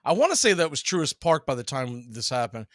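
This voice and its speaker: A middle-aged man doing casual baseball play-by-play, telling long stories between pitches and laughing as he goes. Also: sing-song, fairly quick, a bit bright, dry recording, studio quality.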